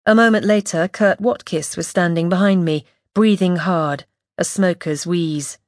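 A woman reading a first-person audiobook in a measured, wry, observant way, close to the mic. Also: fairly low pitch, no room sound. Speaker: audiobook narrator.

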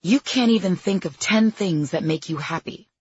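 A pushy female trainer and life coach, played by a woman reading her memoir, louder and higher than the narration. She snaps out pointed questions like a drill sergeant. The husky voice sits in a dry, slightly muffled recording. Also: moderate pace, dry recording. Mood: insistent.

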